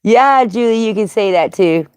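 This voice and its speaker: A woman's voice: mid-range voice, expressive, normal speed, a little mellow, clear, resonant tone, no echo, studio quality. A woman hosting a casual livestream, chatty and greeting viewers by name. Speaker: livestream host.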